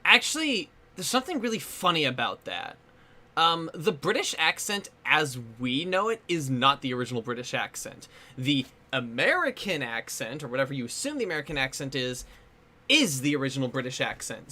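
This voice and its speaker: A man's voice: medium pitch, sing-song, fairly quick, bright, forceful tone. A man hosting a casual movie commentary, chatty and playful, laughing often. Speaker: commentary host.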